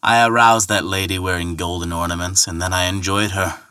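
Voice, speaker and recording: A sly old gray-bearded ferryman, played by a male storyteller, jeering in a smooth, scathing way. His voice is bright and sharp. The sound is dry and close to the mic. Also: low voice, flat delivery, fairly quick, dry recording. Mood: taunting. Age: older.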